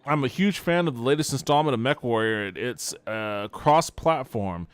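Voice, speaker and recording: A man's voice: medium pitch, lively intonation, moderate pace, clear, resonant tone, no room sound. A man hosting a podcast, casually commenting on a video game and reading its text aloud with wry asides.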